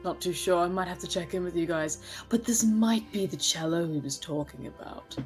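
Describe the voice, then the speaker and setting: A woman's voice: on the low side, moderate pace, soft background music. An Australian woman playing a tabletop game, drawling and unsure, who swears casually. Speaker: player.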